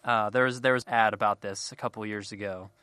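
Bright-voiced male podcast co-host. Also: fairly low pitch, steady tone, fast talker, clean tone, no room sound, studio quality. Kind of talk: casual chat.

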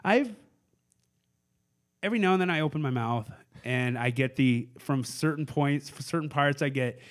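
A man's voice: medium pitch, normal speed. A man in his forties from Portland, a comedian, telling rambling stories in casual podcast chat and acting out other people's voices. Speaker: comedian guest.

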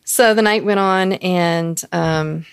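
A woman podcast co-host, telling a candid personal story, animated and full of fillers, acting out the voices of people she quotes. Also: lowish voice, takes it slowly, clear, resonant tone, no room sound.

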